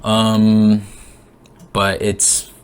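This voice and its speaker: A young man talking through his theories in an excited, rambling monologue, full of restarts, swearing and sudden rises in his voice. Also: fairly low pitch, very slow, slight background noise. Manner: emotional, voice jumps up. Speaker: conspiracy vlogger.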